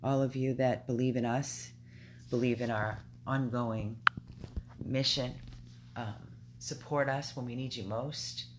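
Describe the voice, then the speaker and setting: A woman's voice: rumbling low, fairly even intonation, measured pace. A woman who runs a dog rescue, chatting casually with viewers and talking to her dogs between thoughts. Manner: chatty, talks to viewers and dogs, repeats words. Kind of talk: casual live video chat. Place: indoor rescue house with barking dogs. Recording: noisy home recording.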